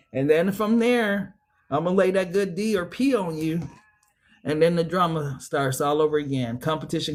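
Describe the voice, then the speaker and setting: A man giving a casual tarot reading and talking straight to the viewer in slangy, profane, chatty speech. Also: a little high. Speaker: tarot reader.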